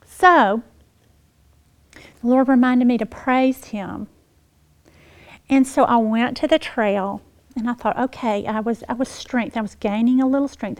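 A woman's voice: on the high side, a little slow, poor audio. Woman giving emotional testimony. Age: middle-aged. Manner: emotional storytelling, swings between hushed and animated. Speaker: women's Bible teacher. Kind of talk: personal testimony lesson.

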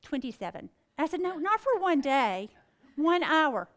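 High-voiced chatty woman. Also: sing-song, unhurried. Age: middle-aged. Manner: chatty, exclamatory, acts out dialogue. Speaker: Christian speaker. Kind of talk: animated storytelling.

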